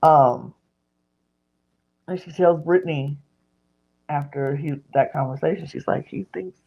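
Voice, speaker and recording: Over lo-fi audio, a woman with a low, unhurried voice and vocal fry hosts a podcast. Chatting casually, she animatedly retells a reality show episode, acting out the lines people said.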